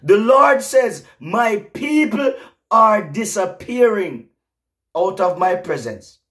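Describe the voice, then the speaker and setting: A man's voice: high-pitched, big pitch swings, takes it slowly, a bit bright. A middle-aged man preaching an emotional prophetic sermon, rising to fervent exclamations.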